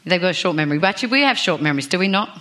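A woman's voice: fairly low pitch, animated, very fast, fairly bright tone. A woman preaching a sermon in a chatty, self-deprecating way, asking the congregation questions. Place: church.

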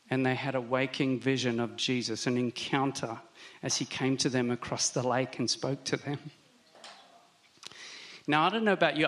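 Man, pastor, conversational sermon, reflective, mid pitch. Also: steady tone, fairly bright tone. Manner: conversational, reflective, with slow emphatic stresses.

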